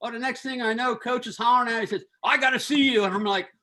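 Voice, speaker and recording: A man's voice: extremely high pitch, steady tone, racing, sharp tone. A man, a former assistant coach, retelling old team stories with laughter and restarts. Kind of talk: casual storytelling chat.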